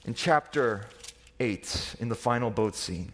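A man's voice: mid-range voice, lively intonation, a little slow. A young man preaching a sermon, telling stories dramatically and acting out the people in them. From Korea. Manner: dramatic, acts out voices of disciples and Jesus. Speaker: pastor.

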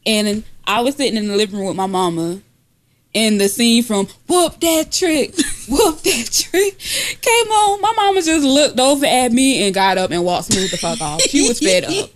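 A young woman co-hosting a casual comedy podcast, joking loudly, laughing often and breaking into shouts and sung lines. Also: lively intonation, normal speed. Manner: loud, laughing often, bursts into high singing and shouting. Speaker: podcast co-host.

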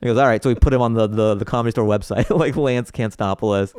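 A male comedian guest on a podcast, telling stories in an animated, casual way and laughing often between phrases. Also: on the low side, fast talker, clean tone, no echo, clean studio sound.

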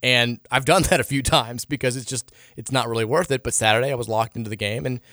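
A man's voice: mid-range voice, fairly even intonation, fast, bright, forceful tone, no echo, studio quality. A man hosting a sports radio show, talking in a frustrated, sarcastic, rambling way with many restarts. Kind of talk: casual sports radio talk.

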